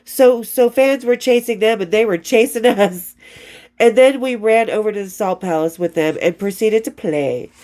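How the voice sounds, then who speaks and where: Woman in her 50s reading old diary entries, swears a lot, keeps losing her place, middle-pitched voice. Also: moderate pace, warm tone. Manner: rambling and profane, loses her place and restarts.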